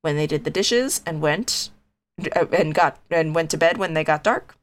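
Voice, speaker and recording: A woman co-hosting a podcast, reading a spooky children's story aloud in a casual, animated way, slowing down for drawn-out groans. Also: low-pitched. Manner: animated, reads with dramatic slow groans, laughs easily. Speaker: podcast co-host.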